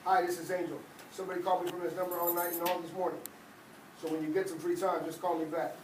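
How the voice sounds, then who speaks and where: A man reading aloud as a sassy, streetwise young woman, playful and blunt. His voice is fairly high for a man and comes from a distance, in an echoey room. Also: little pitch movement, fast, noisy background, lightly acted.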